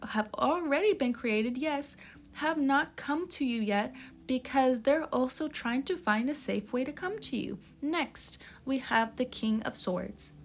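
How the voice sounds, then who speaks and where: A woman doing a casual tarot reading in a blunt, profane, tough-love way, with a youthful-sounding voice. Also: fairly high pitch. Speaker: tarot reader.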